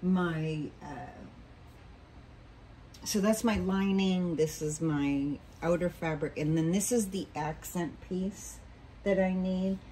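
A woman's voice: fairly low pitch, slow pace, mellow, slight background noise, poor audio. Chatty woman teaching sewing at home. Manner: chatty and rambling, many ums and self-corrections. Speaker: sewing tutorial host. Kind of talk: casual home sewing tutorial. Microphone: camera mic.

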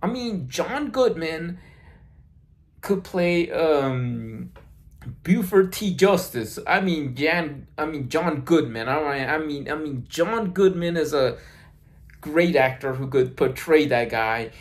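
A man's voice: a little high, lively intonation, slow pace. A man in an unscripted solo video commentary, rambling with many restarts and fillers, recorded on a phone mic. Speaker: video blogger.

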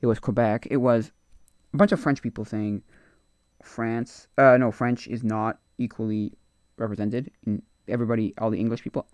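A man's voice: medium pitch, fairly even intonation, moderate pace, darkish tone, no room sound. A man casually commenting on a live stream, rambling and opinionated, often trailing off into mutters.

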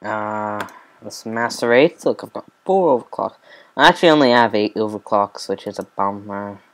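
A man's voice: lowish voice, lively intonation, moderate pace. A man giving casual, rambling commentary over his own gameplay, with mumbled asides and lots of fillers. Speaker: let's play host.

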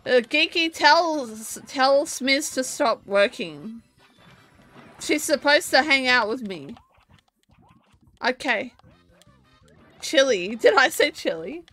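Giggly drunk woman streamer, high and bright. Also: lively intonation, takes it slowly, pauses often, soft background music. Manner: loud, rambling, laughing. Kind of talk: casual live-stream chat. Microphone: desk microphone.

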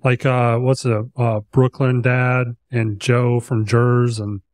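A man's voice: medium pitch, flat delivery, takes it slowly, a little mellow, no echo, studio quality. A man hosting a podcast, chatting casually, rambling and swearing as he tells a story. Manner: rambling, profane, with restarts. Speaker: podcast host.

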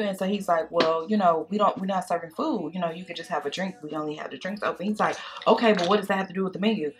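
A woman vlogger chatting casually while doing makeup, telling a date story in a sassy, animated way and calling the listener girl and baby. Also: lowish voice, fast, hardly any pauses. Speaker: beauty vlogger. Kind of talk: casual storytime chat during makeup tutorial.

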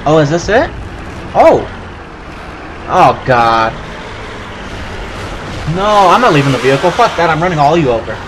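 Man, let's play commentary, swearing a lot, fairly high voice, very lively pitch, noisy background. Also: normal speed, long pauses. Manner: profane, excitable, yelps and laughs while playing. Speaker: gaming channel host.

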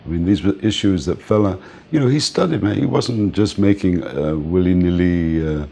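An older man interviewed as a music manager, telling relaxed stories and often laughing and saying "man". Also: low voice, moderate pace, gravelly. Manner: relaxed, reminiscing, often says "man", laughs between points. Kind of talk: casual storytelling interview.

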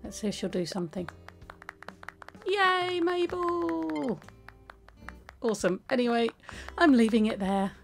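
A woman chatting casually while playing a game, with many restarts and a soft, hesitant way of talking. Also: mid-range voice, quick pace, soft background music, rough recording. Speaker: gaming video creator. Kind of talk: casual gameplay commentary.

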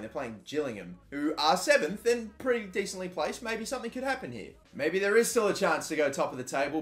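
A young man giving live video game commentary, excitable and foul-mouthed, swinging between loud outbursts and low grumbling. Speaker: gaming YouTuber.

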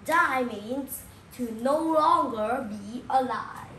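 A woman speaks very slowly as she teaches young children, saying each new word again and again and checking in with questions. Her voice sits a little high. The room is echoey, with a faint hum of ambience behind her. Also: fairly bright tone. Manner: repeats key words slowly, asks the listener questions. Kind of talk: slow classroom explanation for young children.

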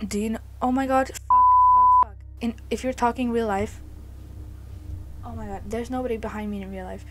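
A young woman playing a horror game alone in a dark basement, jumpy and scared, often swearing and screaming. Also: on the high side, steady tone, fairly quick. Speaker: gaming video creator.

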